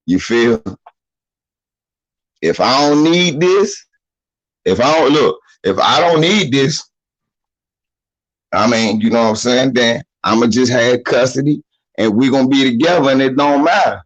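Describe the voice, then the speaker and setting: Blunt, profane man with a husky voice. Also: medium pitch, lively intonation, takes it slowly, long pauses, low-quality recording. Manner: blunt, profane, streetwise lecturing; acts out quoted voices of others. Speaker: commentator giving advice. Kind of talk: casual monologue.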